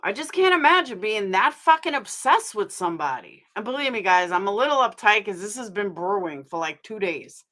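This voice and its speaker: A woman's voice: mid-range voice, lively intonation, fairly quick, few pauses, a bit bright. A woman hosting a casual live stream, talking bluntly, swearing freely and rambling as she vents to her viewers. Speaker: livestream host.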